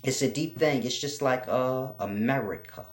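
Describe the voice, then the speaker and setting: A man giving an informal spiritual teaching, slow and repetitive, spelling out letters for emphasis. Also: mid-range voice. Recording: roomy echo.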